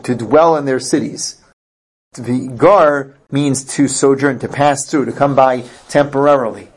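A man's voice: fairly high pitch, darkish tone. A man teaching a verse-by-verse scripture class, reading Hebrew phrases aloud and translating them with emphatic explanations. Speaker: Bible teacher.

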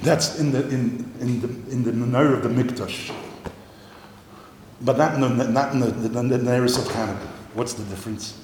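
A man giving a Talmudic lecture, animated and repetitive, mixing in Yiddish and Hebrew terms, coughing now and then. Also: medium pitch, normal speed. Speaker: Torah teacher. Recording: echoey hall, faint noise.

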